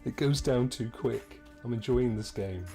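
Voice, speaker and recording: A man's voice: mid-range voice, a little slow, over music. Middle-aged Englishman casually commentating a game. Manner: chatty and jokey, talks to viewers. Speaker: game streamer. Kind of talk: casual let's-play commentary.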